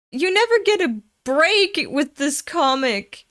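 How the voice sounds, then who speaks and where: A woman from Europe hosting a casual comic reaction, excitable and prone to giggling fits. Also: sits high, slow pace, few pauses. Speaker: manga reaction host.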